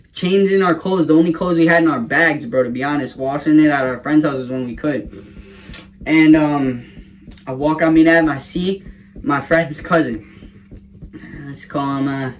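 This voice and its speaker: Young man vlogger, casual storyteller, slightly high voice, swears freely. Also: a little hiss or hum. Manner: casual, profane, rambling with laughs.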